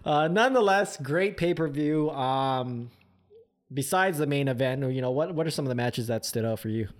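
Animated man co-hosting a chat. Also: medium pitch, moderate pace. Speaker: podcast co-host. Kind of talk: casual chat.

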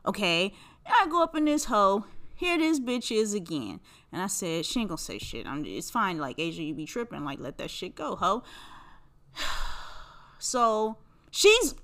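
A young woman hosting a podcast, telling a long story in a casual monologue that is profane, animated and rambling. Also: mid-range voice. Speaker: podcast host.

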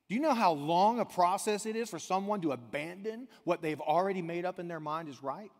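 A pastor preaching a sermon, dropping to hushed asides and rising to near-shouted emphasis. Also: male voice, fairly high pitch, long reverb tail.

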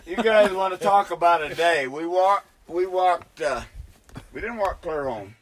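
A man's voice: high voice, normal speed, a little hiss or hum. An older man telling rambling, profane stories in a casual chat, laughing as he goes. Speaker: storyteller among hunters. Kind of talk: casual storytelling.

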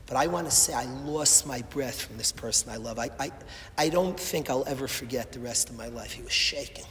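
A man giving an emotional sermon, impassioned and repetitive, swinging from loud appeals to hushed words. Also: medium pitch, fairly quick, a little hiss or hum. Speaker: rabbi or Torah speaker. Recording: echoey hall, faint ambience.

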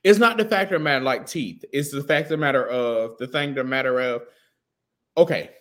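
A man's voice: medium pitch, fairly quick. A man co-hosting a podcast in casual chat, talking bluntly and with lots of profanity. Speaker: podcast co-host.

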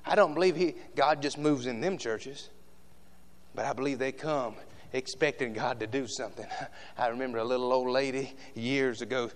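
A man preaching a sermon in a church with passion, shifting between loud shouts and hushed asides to the congregation. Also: mid-range voice, normal speed, a little hiss or hum.

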